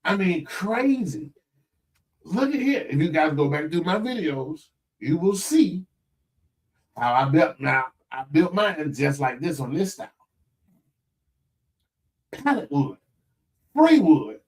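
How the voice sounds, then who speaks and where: Animated man with a lively, wide-swinging voice. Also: fairly high pitch, takes it slowly, pauses often. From Florida. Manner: animated, incredulous, rambling with restarts. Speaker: host. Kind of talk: casual live-stream talk. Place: home workspace at a computer.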